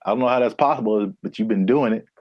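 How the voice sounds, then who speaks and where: Laid-back low-voiced podcast man. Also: quick pace, no room sound, dull audio. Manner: relaxed and easygoing, laughs often. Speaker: podcast co-host. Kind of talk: casual podcast chat.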